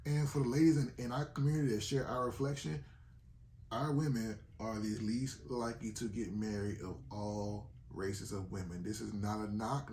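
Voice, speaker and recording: A man delivers frank relationship advice in a dark, mellow voice. He is emphatic and a little preachy, repeating key points to drive them home. The sound carries the echo of a bare room. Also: mid-range voice, a little hiss or hum. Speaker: podcast co-host. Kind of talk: candid relationship advice talk.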